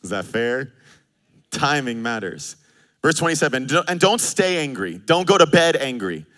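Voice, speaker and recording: A man in his thirties preaching a sermon, animated and joking, acting out quoted arguments. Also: on the high side, a little fast. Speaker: pastor.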